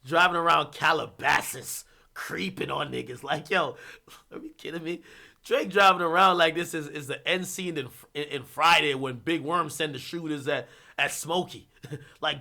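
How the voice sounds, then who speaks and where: A man hosting a livestream, ranting about hip-hop in a casual, profane, animated way with bursts of laughter. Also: a little high, normal speed, gravelly.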